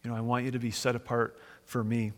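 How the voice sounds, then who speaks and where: A man's voice: medium pitch, level tone, fast, big-room sound. A man delivering a conversational, enthusiastic sermon, reading and explaining scripture to his congregation. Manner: enthusiastic, conversational Bible teaching with dramatic quoted voices. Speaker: pastor.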